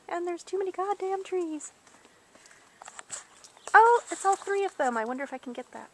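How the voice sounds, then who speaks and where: A woman's voice: very high voice, animated, normal speed, pauses often. A woman casually rambling while filming wildlife, chatting on the phone at the same time, recorded on a handheld camcorder's built-in mic.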